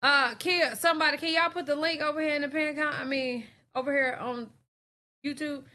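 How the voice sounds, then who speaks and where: A woman's voice: high-pitched, fairly even intonation, a little fast, bright, forceful tone. A woman hosting a reaction stream, giving blunt, profane, casual commentary to her viewers.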